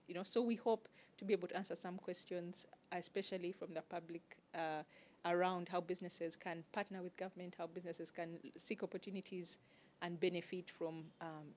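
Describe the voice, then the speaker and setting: A woman, a guest organizer answering interview questions in a measured, explanatory way with frequent pauses. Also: fairly low pitch, a little mellow. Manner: measured, explanatory, pauses often to find words. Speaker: guest, networking group organizer.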